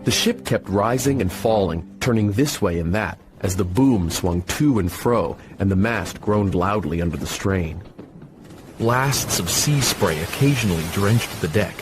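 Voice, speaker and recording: A man narrating an adventure story in a measured, steady storytelling manner. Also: lowish voice, noisy background. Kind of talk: scripted audiobook narration. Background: soft music.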